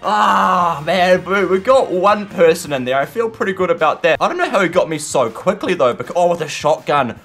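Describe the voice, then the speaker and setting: A young man giving chatty, excitable commentary while playing a game, shouting in the fights. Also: high-pitched, fairly quick, hardly any pauses. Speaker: gaming channel host. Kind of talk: casual gameplay commentary.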